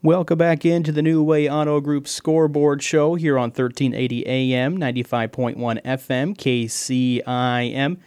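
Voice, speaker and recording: A man hosting a radio sports scoreboard show, talking fast and pausing to catch his breath. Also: mid-range voice, flat delivery, darkish tone, smooth.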